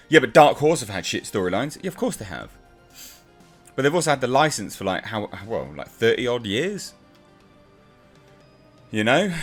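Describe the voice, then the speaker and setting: A man's voice: mid-range voice, fairly bright tone. Exasperated man ranting. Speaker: comic book reviewer. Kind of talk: casual review vlog.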